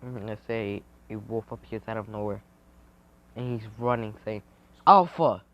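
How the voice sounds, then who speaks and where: A man's voice: on the low side, flat delivery, moderate pace, slight background noise. A man telling an improvised fan story in a rambling, hesitant way, with many restarts, on a dull lo-fi recording.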